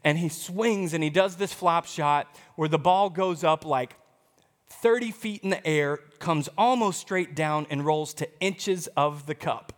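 A man pastor preaching a sermon, telling a story in an animated, emphatic way. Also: on the high side, unhurried, in a large hall.

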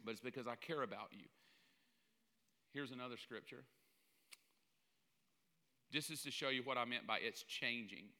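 A man preaching a sermon in an animated, joking way, often mimicking the voices of other people. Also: medium pitch, normal speed, pauses often. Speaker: pastor. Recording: long hall reverb.

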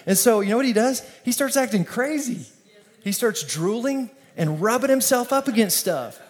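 A man pastor preaching an energetic, conversational sermon with call-and-response. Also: extremely high pitch, moderate pace, a little hiss or hum.

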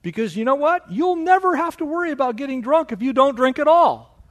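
A man preaching a sermon as pastor of his church, with animated delivery that mocks objections in a raised voice. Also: brisk. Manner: animated preaching, mocking quoted objections in a higher voice.

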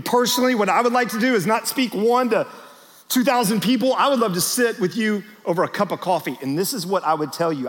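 A high-voiced man, serving as pastor, preaches a sermon to church leaders, telling stories with lively energy and addressing the crowd directly. The setting is a large church auditorium, and the recording carries the long reverb of that big hall.

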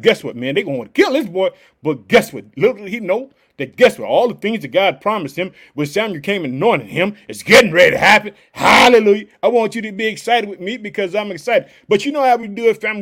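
A man from hosting a devotional podcast, exuberant and preacherly, calling out hallelujah between repeated phrases. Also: sits high. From Chicago, United States. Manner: exuberant, repetitive, shouts hallelujah often; preacherly call-and-response, folksy. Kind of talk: energetic devotional podcast talk.

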